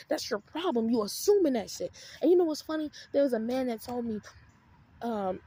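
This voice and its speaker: High fast-talking husky woman. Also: warm tone. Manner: heated, profane, emphatic retelling. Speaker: vlogger. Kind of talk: storytime rant.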